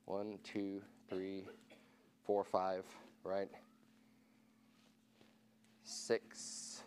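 A man's voice: sits low, monotone, very slow, darkish tone, slight background noise. A man pastor giving casual church announcements to his congregation, informal and chatty, asking the room questions and counting raised hands.

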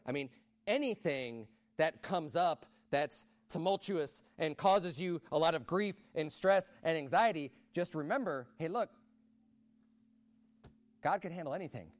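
A man preaching a sermon in a conversational way, rising to loud emphatic peaks. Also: fairly high pitch, expressive, measured pace, no echo.

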